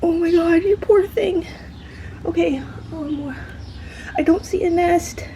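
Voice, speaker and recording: A woman speaks slowly in a very high-pitched, mellow voice, with a little hiss or hum on the recording from her handheld camera phone. She's vlogging on the spot outdoors by a tree beneath an apartment, flustered and shaky, breathing hard, repeating herself and dropping into whispers.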